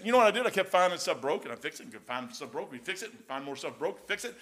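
Older male preacher, high-pitched, folksy rambling storyteller. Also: very animated, quick pace, few pauses, sharp tone. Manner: rambling folksy anecdotes, says "man" often. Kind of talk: storytelling sermon.

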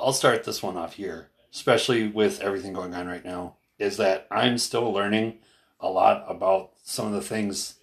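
A man with a fairly low, gravelly voice co-hosts a casual podcast conversation. He's earnest and hesitant, full of fillers and restarts, and raises his voice animatedly when retelling what others said.

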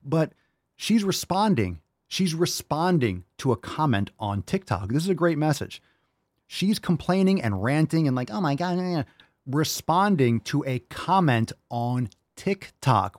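A man's voice: fairly high pitch, no room sound, studio quality. Blunt, profane man ranting on his podcast. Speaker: podcast host. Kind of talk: opinionated fitness podcast rant.

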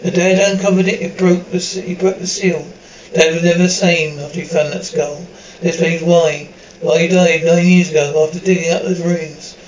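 High-voiced man acting horror drama. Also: level tone, moderate pace, roomy sound, highs cut off. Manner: dramatic, switches between characters' voices. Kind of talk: acted horror audio drama.

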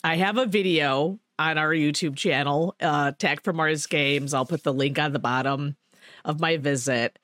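A woman's voice: deep voice, normal speed, a bit bright, dry recording. Woman podcast host rambling thru a story, swears a lot, laughs, dry close mic. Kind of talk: casual chat.

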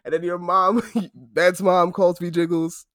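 A man in his twenties telling stories in a casual chat, animated and laughing, breaking into loud impressions. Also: sits high, unhurried, dry recording, clean studio sound. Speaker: podcast co-host.

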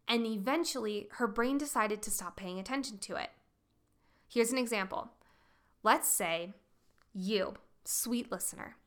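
A woman hosting a solo podcast as a coach, talking in an emphatic, animated way with playful demonstrations of tone. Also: medium pitch.

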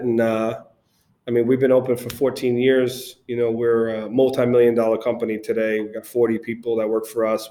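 A man, founder of an agency, telling animated stories as a guest in a casual interview, with frequent restarts. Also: mid-range voice.

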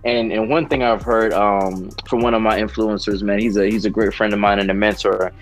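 A man's voice: fairly low pitch, steady tone, a little fast, faint music behind. Earnest man sharing a personal testimony. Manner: earnest, rambling with fillers. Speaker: podcast guest.

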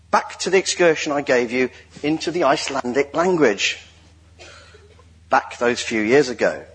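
Lively man preaching a sermon. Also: mid-range voice, a little hiss or hum. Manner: lively, joking, directs the congregation. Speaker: lay preacher. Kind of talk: sermon with audience participation.

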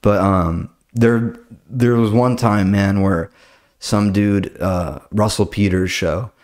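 A man's voice: on the low side, steady tone, slow pace, a little mellow. A young man who hosts a podcast, chatting casually and telling stories from his work at a comedy club, swearing freely and acting out both sides of arguments. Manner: laid-back, swears a lot, retells arguments in quoted voices. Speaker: podcast host and comedy club door staff. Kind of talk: casual chat.

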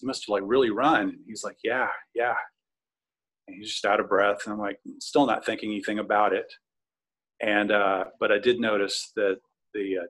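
A man's voice: fairly low pitch, a bit bright. A man casually recounting a personal story, rambling with plenty of fillers and restarts. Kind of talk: casual spoken recollection.

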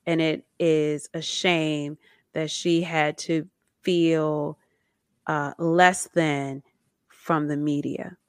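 A woman co-hosting a casual chat about a documentary, telling it with lively acted-out quotes. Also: low-pitched, extremely slow, clean tone, dry recording, clean studio sound. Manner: animated storytelling with acted-out quotes. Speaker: podcast co-host.

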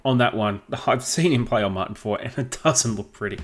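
A man's voice: mid-range voice, a little fast. Chatty Australian man co-hosting. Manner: chatty, laughs while talking. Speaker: podcast co-host. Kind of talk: casual sports chat.

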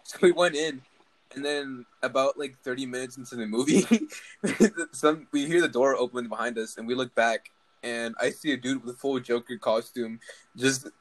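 A young man hosting a casual podcast chat, loud and profane, laughing through his banter. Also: medium pitch, normal speed, rough recording. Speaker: podcast host.

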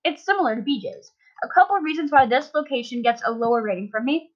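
A woman's voice: high voice, expressive, quick pace. A young woman co-hosting a casual podcast, plainly reading reviews aloud. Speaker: podcast co-host. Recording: dull lo-fi sound.

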